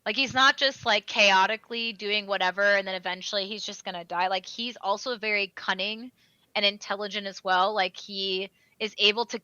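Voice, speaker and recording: A young woman co-hosting a podcast, retelling a story in an animated way with lots of fillers. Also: mid-range voice, normal speed, clean tone, dry recording, highs cut off. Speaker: podcast co-host. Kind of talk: casual chat.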